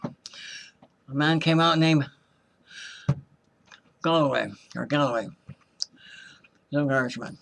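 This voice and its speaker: A man's voice: fairly high pitch, slow, vocal fry, long pauses, a bit bright. An older man giving an earnest religious testimony, rambling with frequent restarts and self-corrections. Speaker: testimony speaker.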